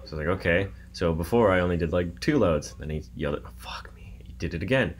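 A man's voice: deep voice, very fast, husky. A man playing a video game with a friend, telling stories and swearing casually as he plays. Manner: swears a lot, tells stories while playing. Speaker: gaming co-host. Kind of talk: casual let's-play banter.

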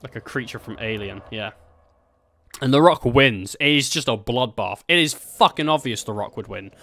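A man's voice: medium pitch, animated, normal speed, a bit bright. A man rambling through a silly made-up story while playing a game, swearing and laughing often. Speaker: gaming streamer.

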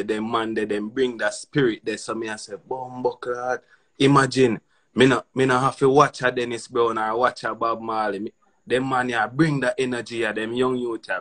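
A man with a Jamaican accent in a casual patois chat, easygoing and quick to laugh. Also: medium pitch, a bit bright.

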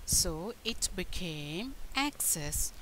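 Woman, pronunciation tutor, very slow measured delivery, faint hiss and clicks behind. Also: on the low side, expressive, sharp tone, rough recording. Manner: slow, deliberate word-by-word delivery. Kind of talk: scripted pronunciation lesson.

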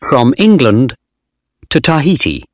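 A man narrating a storybook in a slow, clear reading voice. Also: medium pitch, very animated, no echo, clean studio sound.

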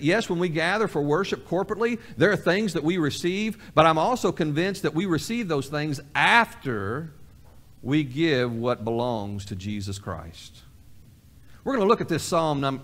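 In a church sanctuary, a male pastor preaches in a folksy style, repeating key phrases and acting out both sides of imagined conversations. His voice is a bit high and slightly bright, with lively intonation and a moderate pace.

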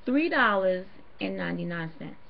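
A woman vlogger rants at the camera, indignant and emphatic, driving each point home in a medium-pitched, creaky voice with lively intonation and a moderate pace. The home video audio is dull, lo-fi and very noisy.

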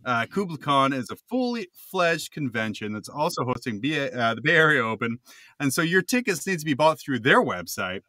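A man co-hosting a gaming podcast, his voice bright and forward. He reads event announcements in an upbeat, joking manner, and the sound is dry and close with no room in it. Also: fairly high pitch, no echo. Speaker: podcast co-host. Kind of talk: casual chat, reading announcements.

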